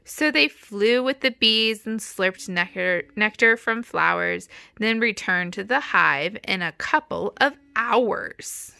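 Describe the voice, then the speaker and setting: A woman's voice: mid-range voice, expressive, takes it slowly, vocal fry, few pauses, pushed and bright. A woman reading a rhyming children's picture book aloud in a rhythmic storytelling manner. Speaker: storybook reader. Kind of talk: children's read-aloud narration.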